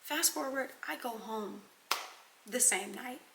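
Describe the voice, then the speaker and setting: A young woman vlogger telling a casual storytime, animated and talking straight to her viewers, sometimes dropping into dramatic whispers. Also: on the high side, slow pace, gravelly, noisy background. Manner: addresses viewers as y'all.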